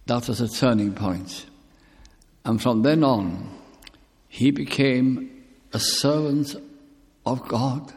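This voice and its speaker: An older man preaching a sermon with personal testimony, speaking slowly and deliberately, drawing out key words. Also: medium pitch, expressive, creaky, darkish tone, husky. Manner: slow, deliberate, drawn-out emphasis. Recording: long reverb in a hall.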